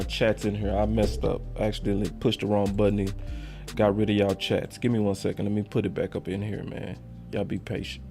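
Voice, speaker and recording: A man hosting a sports talk livestream, swinging from loud theatrical hype to quiet muttered asides while reading chats. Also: on the low side. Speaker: sports show host.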